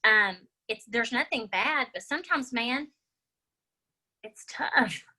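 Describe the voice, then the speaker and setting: Bright-voiced, upbeat woman guest. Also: a little high, a little slow, low-quality recording. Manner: upbeat, encouraging, animated storytelling. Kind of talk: casual conversation.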